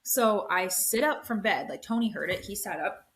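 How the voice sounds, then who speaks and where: A young woman, a podcast co-host, chatting casually and telling an eerie story in an animated way, peppered with "like". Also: medium pitch, moderate pace. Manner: animated storytelling, acts out quoted voices, frequent "like".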